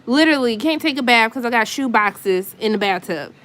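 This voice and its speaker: Woman, higher pitch, casual live-stream vlogger at home, exasperated venting. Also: lively intonation, brisk, a bit bright, slight background noise. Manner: venting, exasperated, chatty with asides. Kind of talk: casual chat to viewers. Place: her apartment at home.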